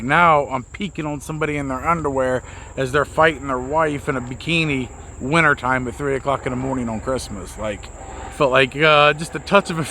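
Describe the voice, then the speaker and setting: Vlogger, man: gravelly and bright, profane self-mocking storyteller, outdoor crickets in the background. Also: fairly high pitch, slight background noise. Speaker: vlogger, mobile mechanic. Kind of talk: casual storytelling to camera.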